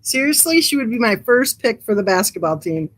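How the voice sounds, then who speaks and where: A woman's voice: on the high side, sing-song, fairly quick. A woman hosting a casual livestream, chatting in a rambling, amused way and reading comments from the live chat. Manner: reads live chat aloud. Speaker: true crime channel host.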